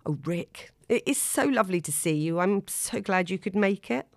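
A woman reading aloud and voicing a warm, polite young hostess. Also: medium pitch, animated, moderate pace, no echo, clean studio sound. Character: kind, flustered young hostess.

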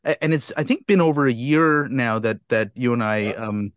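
A man's voice: mid-range voice, moderate pace, clean tone, dry recording. Chatty male podcast host, dry sound. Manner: chatty, self-deprecating, rambling. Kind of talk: casual interview chat.

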